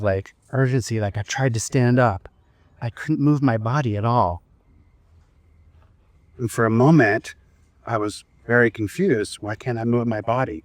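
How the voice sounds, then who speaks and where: A man's voice: medium pitch, dry recording. Casual man telling a story, dry sound. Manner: casual, conversational, with frequent fillers and restarts; leads the group in slow breathing. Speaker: speaker at a wellness event. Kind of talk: personal storytelling talk to a live group.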